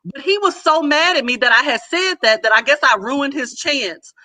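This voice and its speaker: A woman on a podcast telling a comic story in casual chat, blunt and lively, acting out the other people's lines. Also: high voice, moderate pace, no room sound. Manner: animated, acts out quoted voices. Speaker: podcast co-host.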